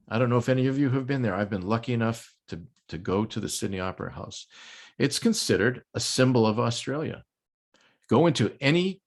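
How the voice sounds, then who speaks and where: An older man from the United States lecturing a project management audience in a conference talk, explanatory with frequent ums and light jokes. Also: lowish voice. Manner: explanatory, occasional filler ums, light joking.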